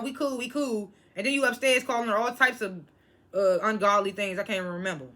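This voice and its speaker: Bright, animated woman recapping reality TV. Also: medium pitch. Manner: animated, blunt, swears freely, quick laughs. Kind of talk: casual episode review.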